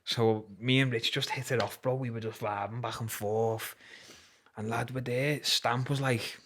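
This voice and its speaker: A man's voice: medium pitch, steady tone, unhurried, a bit bright, a little hiss or hum. A young man with a Liverpool Scouse accent telling a story in casual, swearing, slang-heavy chat. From Liverpool, England. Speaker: guest, MMA fighter.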